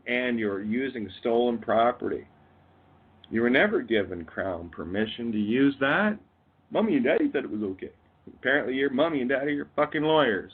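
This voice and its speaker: A man's voice: a little high, breathy edge. A man with a Canadian accent, a guest on a call-in radio show, ranting and swearing with bursts of laughter. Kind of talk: rambling profane rant. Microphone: phone or call line. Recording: tinny phone-line audio.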